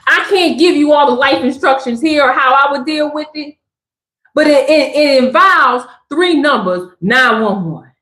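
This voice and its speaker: High-pitched lady preaching on a live stream, emphatic and slangy, roomy echo. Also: lively intonation, moderate pace, fairly bright tone. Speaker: spiritual reader. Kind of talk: live-stream spiritual message.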